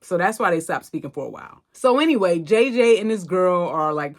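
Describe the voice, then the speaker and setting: A woman hosting a podcast, recapping a film in a chatty, slangy, expressive way. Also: lowish voice, a little fast. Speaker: podcast host. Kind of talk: casual movie recap.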